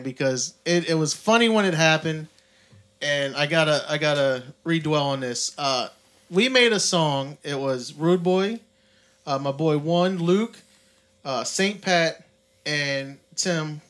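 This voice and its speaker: A man's voice: on the high side, measured pace. A man co-hosting a podcast, chatting casually and mimicking people in the stories he retells. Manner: animated, mimics others in retold stories. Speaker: podcast co-host. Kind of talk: casual chat. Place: recording studio.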